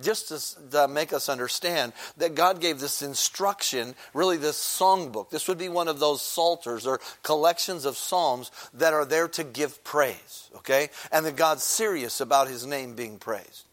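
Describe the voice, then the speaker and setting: A man's voice: on the high side, moderate pace, hardly any pauses, fairly bright tone. Man preaching a conversational sermon. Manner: conversational teaching with frequent filler words, asks the congregation questions; briefly sings a short chorus.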